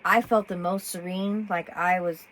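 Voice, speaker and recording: A woman telling a personal story in a rambling, animated way, often breaking off and restarting. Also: lowish voice, normal speed, slight background noise, low-quality recording. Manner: rambling, animated, self-interrupting with laughs. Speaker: vlogger.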